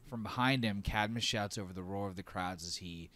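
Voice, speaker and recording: A man's voice: fairly low pitch, normal speed, a bit bright. A man narrating as game master of a tabletop role-playing game, describing scenes with fillers.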